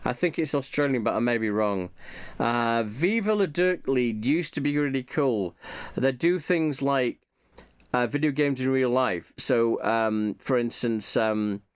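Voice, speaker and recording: A man's voice: medium pitch, animated, measured pace, clear, resonant tone, no room sound. Man rambling aloud in a dry room. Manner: rambling, thinking aloud, muttering repeated asides to himself. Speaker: YouTuber reviewing his subscriptions. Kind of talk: casual off-the-cuff monologue.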